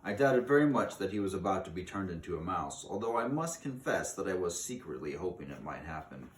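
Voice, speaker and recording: A man reading a children's book aloud with steady, dramatic storytelling. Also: low-pitched, brisk, slight background noise. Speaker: reader. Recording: roomy, distant mic.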